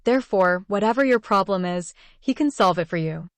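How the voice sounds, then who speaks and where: A sweet, spoiled teenage girl in a storybook, read out by a woman narrator. Her tone stays sweet and spoiled, at a middle pitch, with a dry, close sound. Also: animated, fairly quick, no echo, lightly acted. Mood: pouting.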